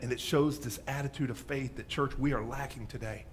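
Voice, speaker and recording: A male pastor preaching a sermon in church, telling the story dramatically, swinging from loud bursts to hushed asides. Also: mid-range voice, a little fast, slight background noise. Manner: animated storyteller, dropping to hushes.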